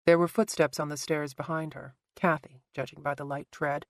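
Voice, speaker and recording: Lady reading a crime audiobook, lowish voice, close mic, dry booth. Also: fairly even intonation, moderate pace, no echo. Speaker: audiobook narrator. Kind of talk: scripted narration.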